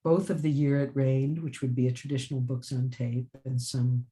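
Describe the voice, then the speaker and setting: A woman's voice: very deep voice, level tone, moderate pace, warm tone. A woman author chatting in an interview. She tells stories with lots of energy, laughs often, and restarts her phrases as she rambles along. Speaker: author and writing teacher. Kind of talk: casual interview chat.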